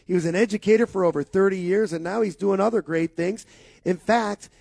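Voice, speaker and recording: A man's voice: sits high, fairly quick, gravelly, darkish tone, no echo. A man from co-hosting a sports radio talk show, talking with enthusiasm and emphasis.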